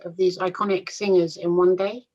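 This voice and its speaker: A woman's voice: lowish voice, level tone, normal speed, darkish tone, dull audio. A woman hosting a casual interview, asking encouraging questions and laughing briefly. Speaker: interview host.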